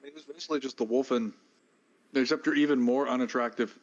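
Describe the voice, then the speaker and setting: A man's voice: medium pitch, fast talker, lo-fi sound. A man on voice chat bantering about a game, teasing his friend with dry put-downs. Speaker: co-player on voice chat. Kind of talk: casual gaming banter.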